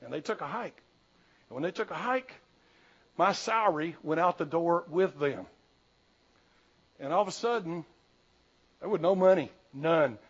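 An older male pastor preaches with a high, lifted voice, rising to loud pleas and then dropping low to confide. The sound is a little dull and lo-fi, like an old church tape. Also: slightly rough. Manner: folksy storytelling, swings from loud urging to soft confiding. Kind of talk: sermon.

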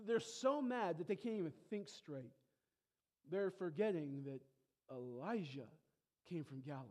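A male pastor preaching a sermon, emphatic, with rhetorical questions, swinging between loud exclamations and hushed asides. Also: a little high, lively intonation, measured pace. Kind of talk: expository sermon.

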